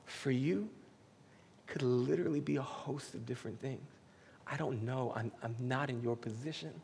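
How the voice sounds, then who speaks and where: A man preaching a casual, heartfelt sermon that moves between hushed whispers and loud, emphatic passages. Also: mid-range voice, normal speed, gravelly. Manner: casual, uses "man" and "y'all". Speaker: pastor. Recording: hall with faint background noise.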